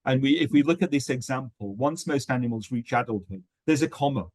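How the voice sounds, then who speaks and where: A man leads a teacher-training webinar, explaining points with many ums and restarted phrases. His voice sits at a middle pitch, and the recording is dry and close with no room sound. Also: brisk, a little mellow, dry recording.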